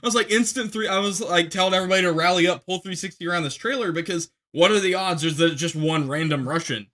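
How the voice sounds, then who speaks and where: A young man telling a war story on a podcast, rambling with many fillers and restarts, and shouting when he acts out commands. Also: high voice, fast.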